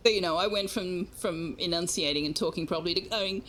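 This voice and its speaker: A woman's voice: on the low side, brisk, hardly any pauses, a bit bright. An Australian woman streaming a game, chatting casually with her viewers and enunciating carefully. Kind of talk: casual gaming stream chat.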